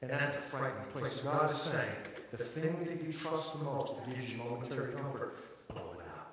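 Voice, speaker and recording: A middle-aged man preaching a sermon as a pastor, telling stories dramatically and swinging from hushed passages to shouted peaks. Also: medium pitch, expressive, a little fast, noisy background. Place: large church auditorium. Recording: echoey hall from far off with crowd.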